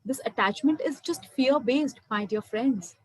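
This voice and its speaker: A woman's voice: sits high, measured pace, a little hiss or hum, low-quality recording. Earnest woman, spiritual talk. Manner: earnest, repeats "my dear friends". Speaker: meditation speaker. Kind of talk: spiritual talk to an online audience.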